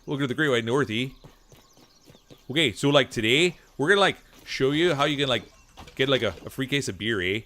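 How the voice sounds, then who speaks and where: A man voicing a dopey, beer-loving Canadian hoser in an exaggerated Canadian accent, loud and drawling, ending lines with "eh". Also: mid-range voice, lively intonation, a little fast. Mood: goofy.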